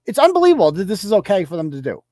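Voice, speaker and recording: A man's voice: high-pitched, huge pitch swings, racing, warm tone, no echo, clean studio sound. A man hosting a podcast, ranting about social media posts in a blunt, sarcastic and profane way. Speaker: podcast host.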